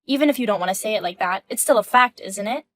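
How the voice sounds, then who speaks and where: A woman's voice: medium pitch, quick pace, fairly bright tone, close to an everyday voice. A woman in her thirties voicing a composed, indignant wife in a text-message story, firm and questioning. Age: 30s.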